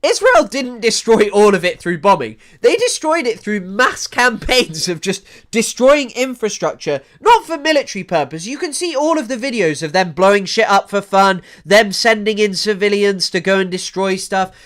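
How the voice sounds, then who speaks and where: A young man doing casual live-stream commentary, animated and sweary, often trailing off into mumbles. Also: high-pitched, moderate pace, few pauses. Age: young adult. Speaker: streamer reacting to news clips.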